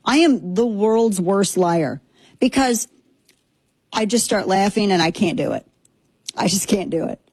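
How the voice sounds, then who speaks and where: A woman's voice: mid-range voice, darkish tone, breathy edge, no room sound. A woman hosting a political talk show, delivering a sarcastic, indignant monologue. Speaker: political commentary host.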